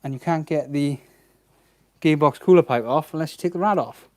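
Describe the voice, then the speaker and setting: A man's voice: a little high, moderate pace, dry recording. A man giving casual commentary while he works on a car in a garage, muttering to himself with a wry, sarcastic tone. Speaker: home mechanic vlogger.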